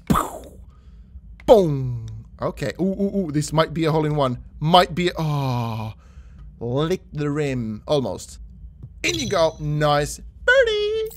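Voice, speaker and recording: A young man talks through his mini golf game at his desk mic, narrating each shot to his viewers. His voice sits a touch high and moves all over the place, and he gasps and shouts when a shot lands or misses. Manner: excitable, gasping and shouting at shots. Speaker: gaming YouTuber. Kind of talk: let's play commentary.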